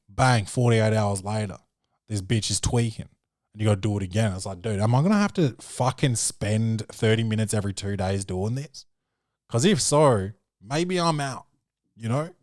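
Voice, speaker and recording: A man's voice: on the low side, animated, normal speed, a little mellow, dry recording, studio quality. A man hosting a podcast, riffing in a loose, profane, comedic way and calling the listener dude and man. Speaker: podcast host. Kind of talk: casual comedic review chat.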